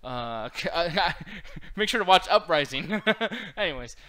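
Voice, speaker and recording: A man's voice: on the high side, lively intonation, slow, pushed and bright. A man hosting a casual podcast chat, laughing often and swearing casually. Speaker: host.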